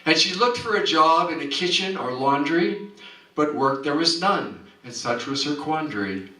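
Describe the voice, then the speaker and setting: Male reciter, rhythmic rhyming story, bright voice, roomy hall, distant mic. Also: fairly high pitch, animated, normal speed. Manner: rhythmic, theatrical delivery. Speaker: performer. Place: community coffeehouse stage.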